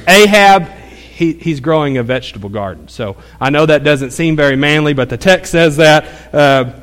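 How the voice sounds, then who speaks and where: A man delivers a sermon in a homespun, storytelling way, dotting his talk with "uh" and "um." His voice sits a little high for a man and climbs as he drives a point home. The sound carries a long reverb from a large hall. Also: expressive, moderate pace. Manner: folksy storytelling with many fillers; grows louder and higher as he presses his point. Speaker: pastor.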